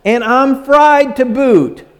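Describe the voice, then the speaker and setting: Slow-preaching older man with a high voice. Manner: slow, repetitive preaching cadence that drops low and soft at phrase ends; self-deprecating and lively when joking with the congregation. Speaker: pastor. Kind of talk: sermon.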